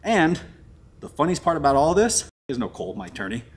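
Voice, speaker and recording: A man hosting an exploring vlog, telling a story in an excited, casual way and saying "dude" a lot. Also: a little high, fairly quick, slightly rough. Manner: excited, storytelling, says "dude" and "crazy" often. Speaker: vlogger host. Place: abandoned resort building, indoors.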